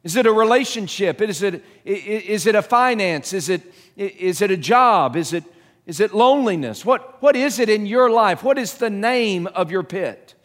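A middle-aged man preaching a sermon as pastor, earnest and halting, often restarting and asking the listeners questions. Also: sits high, expressive, fairly bright tone. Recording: long hall reverb.

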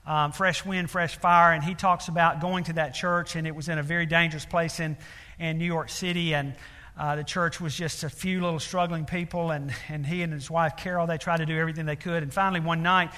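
A man's voice: on the high side, little pitch movement, fairly quick, bright, forceful tone. A man preaching a sermon, telling a story earnestly with many fillers and building to emphatic appeals. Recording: long reverb of a large hall.

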